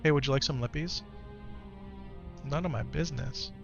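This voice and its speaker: A man in his thirties with an American accent, a streamer and father talking at home, gentle and patient with his child, lively with his chat. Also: medium pitch, normal speed, vocal fry, muffled recording, over music. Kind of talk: casual live-stream chat.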